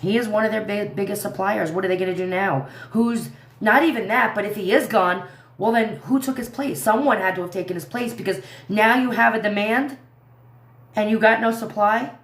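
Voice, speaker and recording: A woman's voice: mid-range voice, moderate pace, echoey room. A woman in her thirties hosting a casual livestream, talking to her viewers in an indignant, rambling way. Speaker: livestream commentary host.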